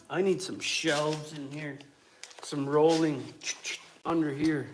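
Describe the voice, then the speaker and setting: A man with a fairly high voice livestreams woodworking from his home workshop, cursing constantly and arguing with his chat as he builds. Background noise is noisy throughout this profane, casual rant.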